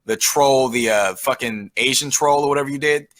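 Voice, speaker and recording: A man's voice: medium pitch, normal speed, fairly bright tone, rough recording. A man telling a long, rambling story in casual chat, swearing often and restarting his sentences. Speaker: guest.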